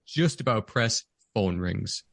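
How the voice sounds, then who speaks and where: A man's voice: fairly low pitch, expressive, takes it slowly, vocal fry, no room sound, clean studio sound. Enthusiastic man gushing about a film. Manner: enthusiastic, gushing, acts out quotes. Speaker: podcast co-host. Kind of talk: casual movie review chat.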